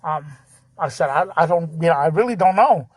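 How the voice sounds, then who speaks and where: A man's voice: on the high side, lively intonation, fairly quick, dry recording. A man hosting a podcast, telling a story in a loose, laid-back way, full of "dude" and "like" and frequent laughter. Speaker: podcast host. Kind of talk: casual storytelling.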